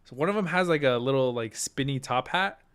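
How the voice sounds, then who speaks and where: A man's voice: medium pitch, lively intonation, a little fast, background noise. Laid-back man chatting and laughing. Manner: laughs often, swears casually, trails off mid-sentence. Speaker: podcast co-host. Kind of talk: casual chat.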